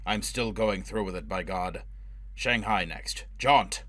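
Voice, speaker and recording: A man voicing a brutal, obsessed avenger in an audiobook, with a low, harsh, driving delivery. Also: takes it slowly, bright, forceful tone, dry recording, heavily acted. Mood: grim. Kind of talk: audiobook character voice.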